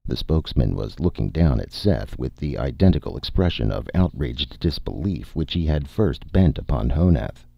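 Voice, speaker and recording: Brief: male audiobook narrator, very deep voice, lively intonation, dry dull recording. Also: vocal fry, no echo. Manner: measured storytelling read. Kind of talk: scripted narration.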